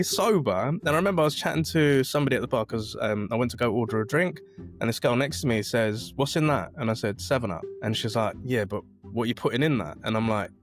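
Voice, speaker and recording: A man's voice: mid-range voice, a little fast, faint music behind. A man, a podcast guest telling a personal story in a casual way and acting out the voices of other people. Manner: animated, acts out quoted voices.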